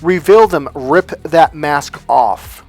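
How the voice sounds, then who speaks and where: A man's voice: on the high side, slow pace, soft background music. A man giving a motivational vlog monologue as a coach, blunt, profane and emphatic. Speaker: relationship coach.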